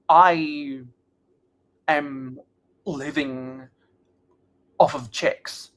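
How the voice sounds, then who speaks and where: A man's voice: a little high, very slow, pauses often, a bit bright. A young man hosting a livestream, answering chat questions in a casual, chatty way. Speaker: livestream host.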